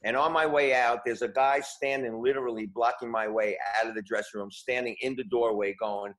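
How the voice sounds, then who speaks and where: A man's voice: medium pitch, steady tone, brisk, hardly any pauses, a bit bright, rough recording. A man in his sixties, a musician guest in an interview, telling a long, rambling story and often repeating words.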